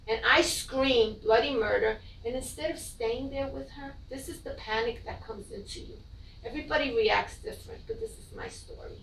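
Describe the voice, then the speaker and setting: A middle-aged woman, a mother, gives an emotional, halting personal account of her child's death, often repeating her words. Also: a little high, creaky, fairly bright tone, slight background noise. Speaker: bereaved mother telling her story. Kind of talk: personal testimony. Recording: echoey room, from a distance.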